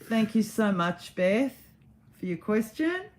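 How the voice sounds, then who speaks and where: A woman's voice: medium pitch, sing-song, slow. A woman co-hosting a casual chat show, laughing often and reading out listener questions. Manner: giggly, reads listener questions. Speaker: podcast co-host.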